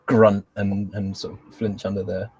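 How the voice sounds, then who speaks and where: A man's voice: on the low side, level tone, unhurried, a little mellow, husky, no echo. A man playing a tabletop game, describing his character's actions casually with lots of "sort of". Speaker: player.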